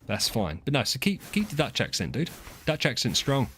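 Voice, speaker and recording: A man's voice: medium pitch, huge pitch swings, normal speed, pushed and bright. A chatty man, chatting casually as a streamer. He teases and rambles, often restarting his sentences. Faint music plays behind him. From southern England. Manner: chatty, teasing, frequent restarts and laughs. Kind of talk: casual chat with chat readers.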